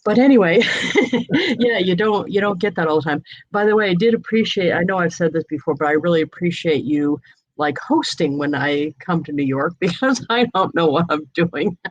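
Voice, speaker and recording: A woman's voice: fairly low pitch, expressive, normal speed, no echo, highs cut off. A woman from New England hosting a casual video chat, telling anecdotes and laughing often. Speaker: host.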